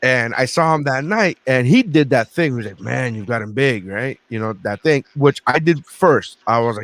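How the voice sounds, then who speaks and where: A man's voice: medium pitch, fairly quick, few pauses, fairly bright tone, no echo. Profane storytelling man, dry sound. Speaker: podcast host and comedian. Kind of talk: casual podcast chat.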